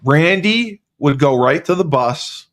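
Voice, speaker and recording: A man's voice: a little high, lively intonation, slow pace, a bit bright. A man in easy podcast conversation who keeps circling back to the same point, pressing it home. His voice sits slightly above the usual male range. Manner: insistent, repeats himself. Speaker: podcast co-host, former teammate. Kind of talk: casual chat.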